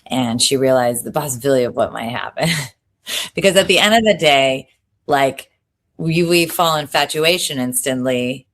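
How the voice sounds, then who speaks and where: Very low-voiced woman podcast co-host. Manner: animated, swearing, quick asides. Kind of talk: casual pop culture recap.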